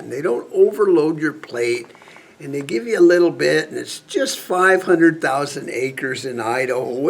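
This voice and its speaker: A man's voice: medium pitch, vocal fry. A man vlogging a profane political rant, angry and sarcastic, swearing constantly. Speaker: prepper vlogger.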